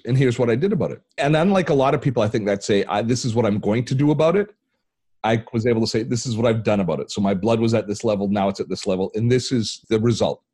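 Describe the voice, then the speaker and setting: An older man from Canada, a tech channel host telling a personal story as an interview guest, acting out the voices in his anecdotes. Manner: animated storyteller, acts out quoted dialogue with big pitch jumps.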